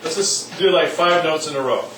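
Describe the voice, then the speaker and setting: A man gives an informal music lesson in class, joking around and singing short syllables as demonstrations. His voice is on the high side and fairly bright at a normal speed, picked up by a distant mic in an echoey room with faint noise.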